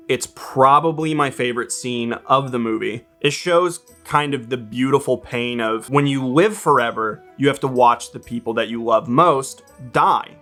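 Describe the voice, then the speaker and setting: A man talks through a movie review in a relaxed vlog style, dry and joking, with the odd swear. His voice sits in a middle pitch. Faint music plays underneath. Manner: wry and joking, with casual swearing. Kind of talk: casual vlog commentary.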